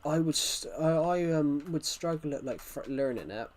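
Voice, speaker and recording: A man's voice: fairly high pitch, normal speed, darkish tone. Chatty British man streaming a game. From United Kingdom. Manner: chatty, answers viewers' questions as they come. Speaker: gaming streamer. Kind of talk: casual livestream chat while playing.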